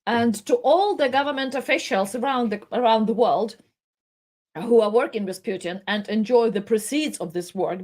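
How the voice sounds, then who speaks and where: A woman giving tearful, impassioned live commentary, pleading with halting restarts. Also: on the high side, darkish tone.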